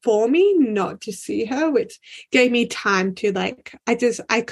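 A young woman guesting on a podcast tells stories candidly, her voice husky and fairly high, animated but measured in pace. She's frank, leans heavily on "like," and swears casually.

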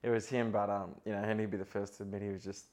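An Australian man in his thirties talks through a story in a relaxed podcast chat. His voice sits fairly low, and he rambles and restarts often, padding his sentences with fillers. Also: racing. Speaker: guest, footballer.

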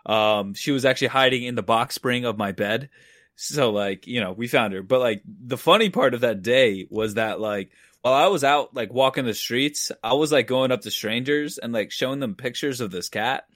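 Young male podcast co-host, loose rambling talk, mid pitch. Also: moderate pace, fairly bright tone, no echo, clean studio sound. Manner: rambling storytelling, filler-heavy, laughs often. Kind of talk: casual chat.

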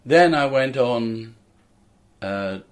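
A man's voice: medium pitch, lively intonation, very slow. An older man from England, a comedian and musician, telling rambling anecdotes in a casual interview.

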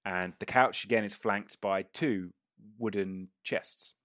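Man, game master, casual and sweary, low-pitched, dry recording. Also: takes it slowly, a bit bright, no echo. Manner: casual, sweary, laughs often. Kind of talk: narrating a tabletop game.

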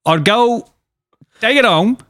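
A man voicing a rambling, deadpan salesman of potato peelers with a put-on Irish accent. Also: sits high, slow, no echo, studio quality, full character voice. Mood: rambling pitch. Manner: rambling, earnest storytelling with quoted voices. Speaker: improv performer. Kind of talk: improvised comedy bit.

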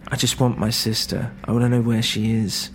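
A man's voice: lowish voice, steady tone, brisk, faint music behind, lightly acted. A man voicing a blunt young woman with a thick Eastern European accent in a spoken story, curt and matter-of-fact.

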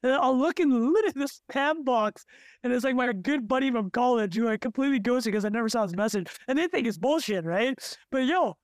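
A man's voice: very high-pitched, expressive, a little fast, no room sound. A man co-hosting a podcast, joking and emphatic in casual chat. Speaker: podcast co-host.

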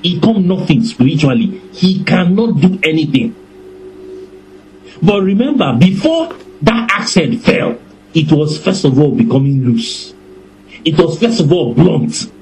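A man preaching a sermon with a high voice that swoops widely up and down. He takes his time, stretching out his phrases and letting his points land slowly. His delivery is lively and warm, with laughter breaking through now and then. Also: slight background noise, poor audio. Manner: animated, deliberate, breaks into laughter.

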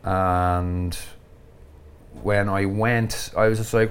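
A man, a podcast guest telling travel stories in a casual, animated way and laughing often. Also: fairly low pitch, moderate pace. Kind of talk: casual storytelling.

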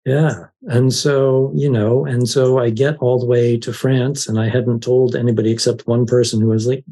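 A man guest on a podcast, telling a personal story in a lively way and acting out his own fear with laughs. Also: mid-range voice, normal speed, husky. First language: English. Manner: animated, laughs while telling, acts out his own panic. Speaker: life coach, podcast guest. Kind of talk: conversational storytelling.

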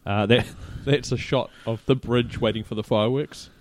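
A man co-hosting a podcast in casual chat, recounting his travels in an easygoing, relaxed way. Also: medium pitch, moderate pace, a little hiss or hum. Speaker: podcast co-host.

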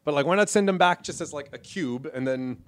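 A man co-hosting a podcast, talking casually about a film with halting restarts. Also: fairly high pitch, no room sound, clean studio sound. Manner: halting, many restarts while explaining. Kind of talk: casual movie discussion.

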